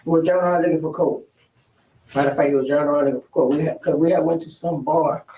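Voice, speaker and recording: A man's voice: fairly high pitch, steady tone, racing, warm tone. A man recounting past events under questioning, acting out the quoted exchanges in casual street slang. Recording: roomy, distant mic, faint hiss.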